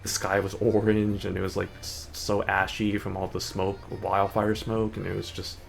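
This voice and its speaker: A man's voice: lowish voice, monotone, moderate pace, vocal fry, a little hiss or hum. A young adult man streaming a game, chatting in a rambling way with lots of fillers. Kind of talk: casual gaming chat. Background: faint background music.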